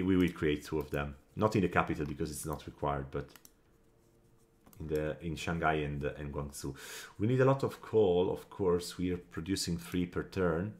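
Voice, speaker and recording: Man, extremely low voice, casual gameplay commentary, thinks aloud, counts quietly, gets annoyed. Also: steady tone. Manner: thinks aloud, counts under his breath, quick flashes of annoyance. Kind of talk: casual strategy game commentary.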